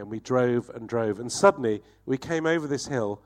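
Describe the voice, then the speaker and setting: A man, telling a profane, animated anecdote and laughing through it as a comedy guest. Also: mid-range voice, moderate pace, hardly any pauses. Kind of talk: anecdotal storytelling.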